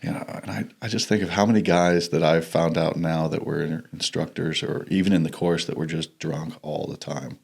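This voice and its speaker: A man who is a podcast guest, talking in relaxed, reflective casual chat. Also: rumbling low, moderate pace, gravelly, hardly any pauses, husky.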